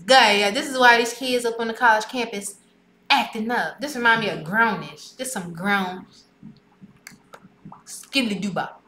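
A woman's voice: on the high side, measured pace, long pauses, sharp tone, a little hiss or hum. A woman hosting a music video reaction, chatting casually and exclaiming back at the screen. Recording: roomy echo with music playing.

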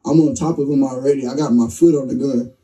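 Young man, interview guest, animated storyteller, darkly toned voice, heard from a distance. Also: mid-range voice, quick pace. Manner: excited, vivid, acts out quotes.

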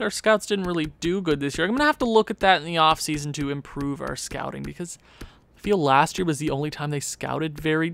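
A man giving casual commentary on a sports video game, animated, talking to himself and often jumping into a high, squeaky voice. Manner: animated, jumps into high squeaky voice when excited or pleading; talks to himself, muttering low. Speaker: gaming YouTuber.

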